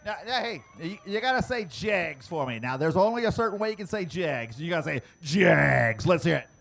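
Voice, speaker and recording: A man announcing prize giveaways to the crowd at an outdoor dirt racetrack, teasing fans and shouting to get them to answer. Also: high-pitched, sing-song, creaky. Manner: loud, teasing, drawn-out shouting. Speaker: track announcer giving away prizes.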